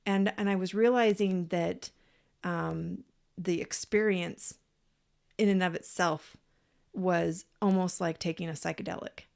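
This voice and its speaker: A woman co-hosting a podcast, telling a personal story in a casual, animated way, acting out what people said and swearing freely. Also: lowish voice, measured pace, gravelly. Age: parent, adult. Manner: animated, acts out quoted voices. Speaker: podcast co-host.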